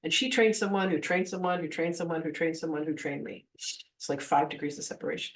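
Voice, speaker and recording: Woman, 50s, spiritual teacher giving a class, animated storyteller who voices her quotes, recorded from a distance. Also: deep voice, a little fast. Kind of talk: live masterclass storytelling.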